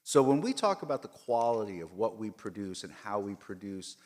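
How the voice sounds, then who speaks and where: A man's voice: on the low side, expressive, a little fast. A man giving a formal speech at a board meeting, emphatic and repetitive, with frequent fillers. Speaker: system leader giving a report. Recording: long reverb of a large hall.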